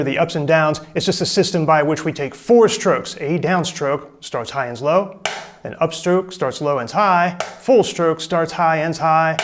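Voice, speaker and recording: A drum teacher with a slightly higher man's voice talks casually and breaks each stroke down one step at a time. Drums sound in the background between his explanations. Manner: relaxed, explains step by step, counts in. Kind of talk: casual instructional talk.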